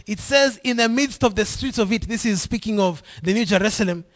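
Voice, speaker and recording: A man preaches to his church congregation in a high-pitched voice. He reads scripture out loud and keeps turning to the listeners with prompting questions, like a teacher leading call-and-response. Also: a little fast. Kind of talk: sermon with Bible reading.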